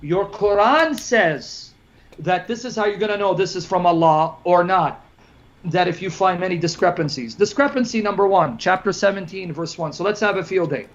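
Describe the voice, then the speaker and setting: A man giving a combative debate rebuttal, rapid-fire and sarcastic. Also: high voice, highs cut off.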